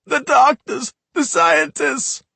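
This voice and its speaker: A man's voice: steady tone, moderate pace, a bit bright, no room sound. Wailing drugged-up teen boy. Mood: sobbing. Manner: frantic wailing, high and strained. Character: big drugged-up teen boy, panicked and sobbing.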